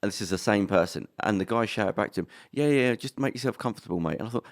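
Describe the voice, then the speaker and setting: A man's voice: on the low side, lively intonation, fast. Jokey man with anecdotes. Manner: jokey, anecdotal, quoting people. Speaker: podcast co-host. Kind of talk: casual chat.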